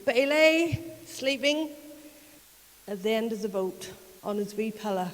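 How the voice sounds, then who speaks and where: A woman's voice: a little high, animated, unhurried, long pauses. Northern Irish woman preaching in an echoing church. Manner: chatty storytelling with frequent laughs. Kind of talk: conversational sermon.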